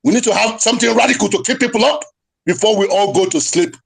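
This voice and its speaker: A man delivers a fiery speech to an online audio room. His voice sits a little high and climbs toward shouting as he pushes his point. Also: fast talker, gravelly, breathy edge. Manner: mocks others in quoted voices. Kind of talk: impassioned speech.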